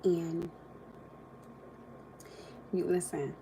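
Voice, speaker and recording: A young woman hosting a livestream, telling family stories in a casual, animated way and acting out what people said, with frequent laughs and pauses to eat. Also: lowish voice, background noise. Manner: animated, acts out quotes, laughs often, eats while talking. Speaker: livestream host.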